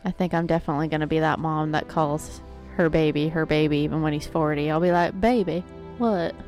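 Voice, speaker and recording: A woman's voice: deep voice, level tone, fast, darkish tone, faint music behind. A woman in her thirties co-hosting a podcast, chatty and playful. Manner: laughs often, chatty and playful. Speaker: podcast co-host. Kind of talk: casual chat.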